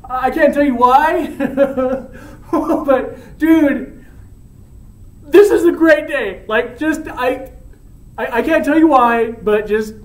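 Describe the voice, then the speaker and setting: A man's voice: high voice, slow pace, pauses often, voice pushed up. A man voicing a giddy young man in love, gushing and laughing in surfer-dude slang, heard in a roomy space from far off.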